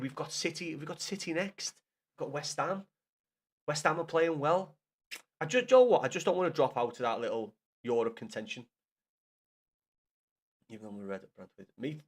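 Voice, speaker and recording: A young man from Liverpool with a Scouse accent, chatting casually and swearing as he banters with his live-stream viewers. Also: a little high. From Liverpool, England. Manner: sweary, banters with chat by name, gets loud and excited. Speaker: football streamer.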